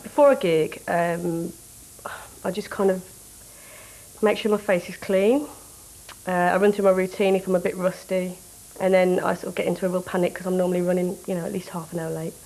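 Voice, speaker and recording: Gravelly woman chatting hesitantly. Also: fairly low pitch, steady tone, a little fast, noisy background. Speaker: comedian interviewee. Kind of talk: casual interview.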